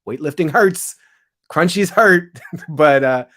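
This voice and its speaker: A man speaking as an interview guest, reflective and thoughtful, with quick asides and frequent laughs. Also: a little high, fairly bright tone. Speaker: guest, comedian and show host.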